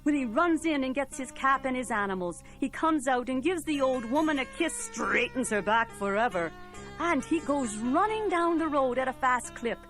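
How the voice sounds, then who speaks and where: A woman's voice: sits high, lively intonation, normal speed, fairly bright tone, faint music behind. A woman telling a folk tale in a playful, rhythmic, musical way. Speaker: storyteller.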